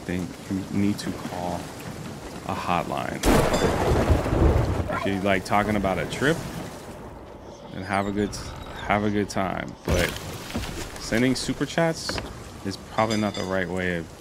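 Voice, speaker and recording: A man's voice: low-pitched, a little slow, long pauses. A man hosting a gaming livestream, chatting casually and joking with teasing banter. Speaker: livestream host. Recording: game rain and sea noise behind.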